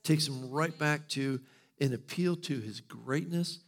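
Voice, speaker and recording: A man's voice: on the high side, a little slow, gravelly. A middle-aged male pastor preaching a sermon in a casual, humorous storytelling manner.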